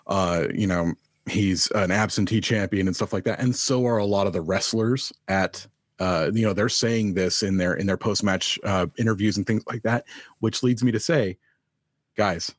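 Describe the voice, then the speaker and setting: A man's voice: fairly low pitch, moderate pace, no echo. A man co-hosting a casual wrestling podcast, rambling with plenty of fillers and swearing. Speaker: podcast co-host.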